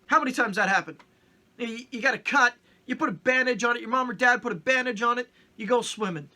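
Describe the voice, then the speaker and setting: A man's voice: extremely high pitch, fast talker, sharp tone. A middle-aged man from Canada hosting a casual comedic vlog, joking and acting out little mock-stern scenes. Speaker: vlogger host.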